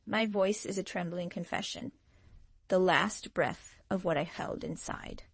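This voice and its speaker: A woman reading a scripted channeled love message as a tarot reader, in a slow, dramatic, emotive way. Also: on the low side, vocal fry, slightly rough, no room sound.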